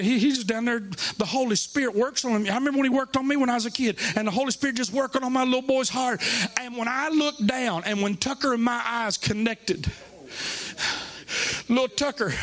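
A middle-aged man with a Southern US accent preaching a sermon, telling a folksy story with humor and rising to fervent, emotional delivery. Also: very high-pitched. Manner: emotional, rising to shouting fervor.

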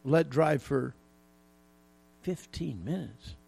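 Gravelly-voiced man preaching a sermon. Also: on the high side, lively intonation, takes it slowly, darkish tone. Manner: folksy preaching with jokes, emphatic repetition. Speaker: pastor.

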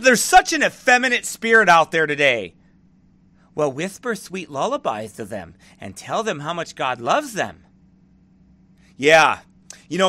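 A middle-aged man, a pastor, ranting in fiery preaching style with shouted bursts and mocking asides. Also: high-pitched, no room sound. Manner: fired-up, shouting bursts, mocking soft baby talk.

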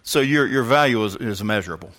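A man's voice: fairly low pitch, animated, fast, fairly bright tone. Older male pastor preaching folksy. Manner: emphatic, folksy preaching with asides. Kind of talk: sermon.

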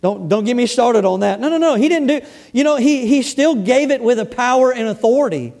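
A pastor preaching a sermon, emphatic, repeating words and stressing key phrases slowly and loudly. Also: male voice, very high voice, expressive. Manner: emphatic, repeats words, shifts between loud bursts and slow stresses.

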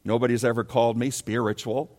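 Guy preaching a sermon, mid pitched, gets emphatic and pleading, big hall echo. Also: flat delivery, fast talker, darkish tone. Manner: emphatic, rising to raised pleading questions. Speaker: pastor. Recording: long hall reverb.

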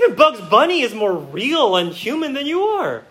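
In a church sanctuary, a male pastor preaches to his congregation, addressing them directly with rhetorical questions and shifting between quiet, reflective asides and emphatic outbursts. His voice is very high and sing-song, moving at a moderate pace with few pauses. The recording quality is low.

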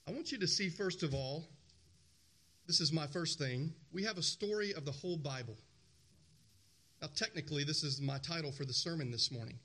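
A male pastor delivers a sermon in an emphatic, searching way, repeating key phrases for weight. His voice sits a bit higher than most men's. He keeps turning to the congregation with questions. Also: moderate pace, pauses often, sharp tone.

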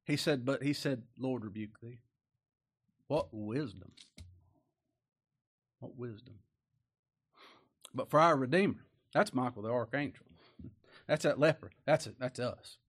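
A man's voice: medium pitch, normal speed, fairly bright tone. A male preacher giving a sermon in a folksy, plain-spoken way, driving his points home with repeated rhetorical questions.

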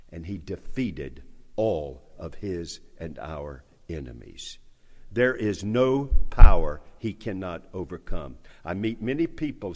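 Slow, lively-voiced preacher with South Carolina accent. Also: male voice, on the low side. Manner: emphatic, rising to forceful repeated declarations. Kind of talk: sermon. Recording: long hall reverb.

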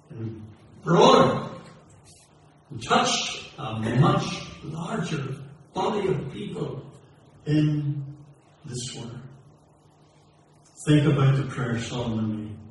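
A man's voice: mid-range voice, lively intonation, takes it slowly, pauses often, slight background noise. Preacher man in a very echoey hall. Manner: rhythmic, rising preaching cadence with repeated questions. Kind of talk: sermon. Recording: very echoey hall, heard from a distance.

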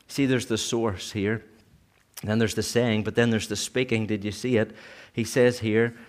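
A man preaching a sermon in church, earnest, sometimes rising to emphatic peaks and then dropping low. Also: fairly even intonation, measured pace.

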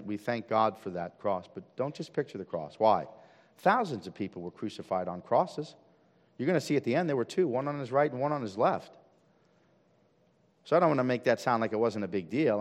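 Preacher man with rhetorical questions. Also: long reverb tail. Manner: swings from loud emphatic calls to hushed low intensity; asks the congregation rhetorical questions. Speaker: pastor. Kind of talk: sermon. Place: church service.

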